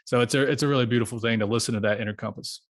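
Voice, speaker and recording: A man who is a podcast guest, speaking in a calm, heartfelt and reflective way. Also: mid-range voice, very fast. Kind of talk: casual podcast conversation.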